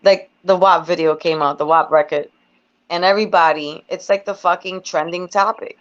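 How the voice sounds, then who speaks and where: Blunt low-voiced woman rapper, lo-fi. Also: fairly even intonation, normal speed. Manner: blunt, profane, emphatic. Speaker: guest rapper. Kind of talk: casual interview chat. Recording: dull lo-fi recording.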